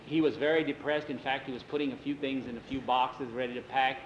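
A man's voice: medium pitch, steady tone, fast talker, slight background noise. A man telling a story in a plain, folksy way, voicing each of the characters himself. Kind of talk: told story with voiced characters. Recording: roomy, dull sound with faint ambience.

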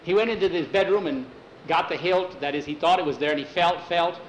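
Man, storyteller, animated, fairly high voice, echoey room. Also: fairly quick, a little hiss or hum. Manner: lively, expressive. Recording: echoey room with faint ambience.

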